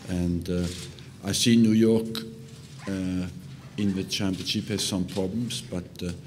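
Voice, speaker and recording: An older man, a football manager, answering press questions slowly and hesitantly, with many fillers. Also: low-pitched, steady tone, darkish tone, a little hiss or hum.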